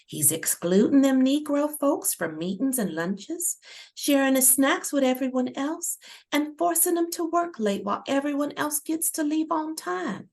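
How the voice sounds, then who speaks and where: A woman's voice: expressive, measured pace, darkish tone. A woman voicing a young woman who disguises her voice with a fake accent to file a complaint by phone. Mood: earnest. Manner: fake accent, formal and high.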